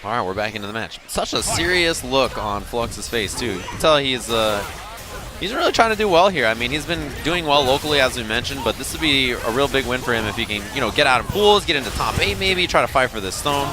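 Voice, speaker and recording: Male esports caster, animated pitch, joking banter, loud music behind at the venue. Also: a little fast. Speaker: esports commentator. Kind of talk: live fighting game commentary.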